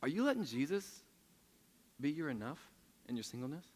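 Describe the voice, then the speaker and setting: Very animated and fairly quick, the young adult preacher's voice sits on the high side with a darkish tone. He delivers a conversational sermon to listeners in the room, telling stories, poking fun at himself, and frequently starting his sentences over.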